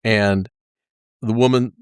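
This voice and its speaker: A man's voice: fairly low pitch, steady tone, takes it slowly, smooth, no room sound, clean studio sound. A man from North Carolina, hosting a casual podcast chat and telling old jokes with frequent laughs. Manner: jokey, laughs often, tells old jokes. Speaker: podcast host.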